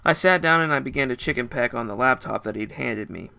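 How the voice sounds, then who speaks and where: A man's voice: mid-range voice, brisk, gravelly, pushed and bright, smooth. A young man narrating a first-person story in a casual, dramatic way. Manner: casual, dramatic, with short laughs.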